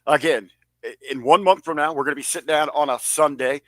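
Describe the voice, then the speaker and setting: A man's voice: a little high, fast talker, no room sound. A man co-hosting a casual wrestling podcast, hyping up over-the-top mock-patriotic bits and stretching out words for emphasis. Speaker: podcast co-host.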